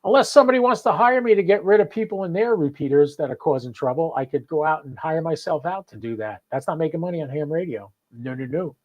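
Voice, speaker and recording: A man's voice: a little high, quick pace, hardly any pauses, a little mellow, muffled recording. Chatty New man ranting. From New Jersey. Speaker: host. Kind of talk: live podcast chat.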